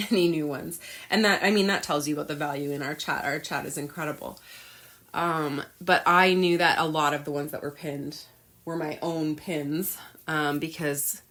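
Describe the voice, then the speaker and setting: A woman's voice: deep voice, fairly bright tone. Candid woman telling a personal story. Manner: candid, emotional, many fillers. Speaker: podcast host.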